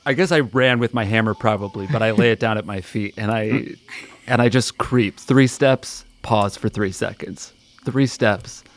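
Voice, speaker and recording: A man playing a tabletop game in casual chat, animated and quick to swear and laugh. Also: on the low side. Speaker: player.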